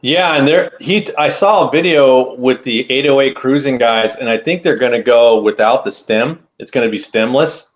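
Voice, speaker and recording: A man with an ordinary mid-range voice hosts a relaxed podcast conversation, easygoing and quick with short reactions. His audio sounds a little dull and lo-fi. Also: medium pitch. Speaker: podcast host. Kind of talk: casual chat.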